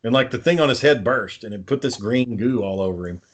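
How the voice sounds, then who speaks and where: Man, podcast co-host, casual chat, rambling, swears a lot, mid-pitched voice. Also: expressive, brisk. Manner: rambling, profane storytelling.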